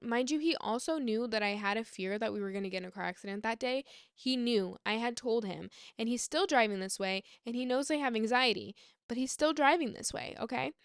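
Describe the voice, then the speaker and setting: Casting: woman, 20s, storytime vlogger, bit high, crisp, animated and sweary. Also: dry recording, studio quality. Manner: animated, swearing, quotes others in retelling. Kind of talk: casual storytime.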